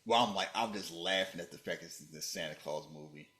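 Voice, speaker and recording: A man hosting a podcast in casual movie chat, joking and animated, jumping from loud bursts to low muttering. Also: brisk. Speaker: podcast host. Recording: roomy echo.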